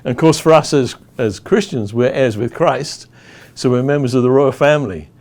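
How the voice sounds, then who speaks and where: A man from England teaching about worship in stages, telling a story with lively acted-out crowd chants. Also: mid-range voice, normal speed. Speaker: worship leader.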